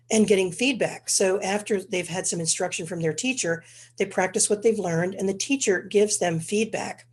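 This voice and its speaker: A congested woman presenting an educational webinar in a measured, explanatory way. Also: mid-range voice, darkish tone, husky. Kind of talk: educational lecture.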